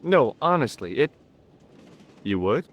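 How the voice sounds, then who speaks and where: A wry, inquisitive young tourist. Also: male voice, medium pitch, big pitch swings, takes it slowly, dull audio. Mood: probing. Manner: questioning, wry. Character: young American male tourist, curious and wry. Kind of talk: video game voice acting.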